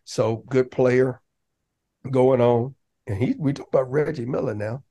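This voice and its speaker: A man talking casually as a podcast guest, telling lively stories and breaking into raised voices to act out what others said. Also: mid-range voice, measured pace. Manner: animated, laughing, acts out quotes in raised voice. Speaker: podcast guest, basketball coach. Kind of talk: casual storytelling.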